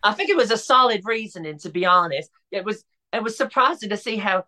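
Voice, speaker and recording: A woman's voice: medium pitch, expressive, brisk, bright, forceful tone. A woman chatting on a podcast as a guest, talking casually with lots of fillers, restarts and stumbles. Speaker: podcast guest, drag performer.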